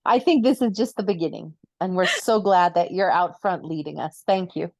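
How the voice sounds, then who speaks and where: A woman's voice: lowish voice, lively intonation, normal speed. A woman hosting a podcast interview, affirming her guest and wrapping up with gushing thanks. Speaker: podcast host.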